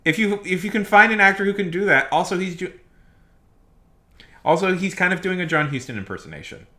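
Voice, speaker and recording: A man's voice: high-pitched, lively intonation, brisk, pushed and bright. A man livestreaming casual, rambling commentary, emphatic and repeating his points. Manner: emphatic, repeats himself, restarts often. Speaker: streamer.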